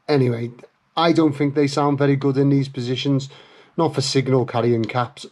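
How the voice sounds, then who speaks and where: A man talks through a guitar pedal modification as a relaxed workshop tutorial. He is chatty and self-deprecating, and often pauses on fillers and restarts his sentences. His voice sits at an ordinary middle pitch.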